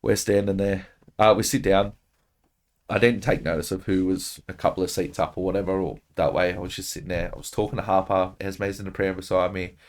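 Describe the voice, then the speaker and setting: An Australian man with a fairly low voice tells a long, animated story on a podcast. He swears nonstop and the talk stays loose and casual. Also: brisk. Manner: profane, animated, swears constantly. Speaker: podcast guest.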